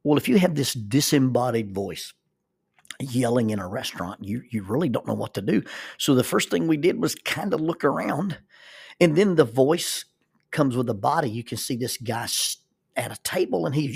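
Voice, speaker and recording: A man telling a personal story as a life lesson, animated and acting out the people in it. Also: mid-range voice, moderate pace, gravelly, breathy edge. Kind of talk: spoken storytelling.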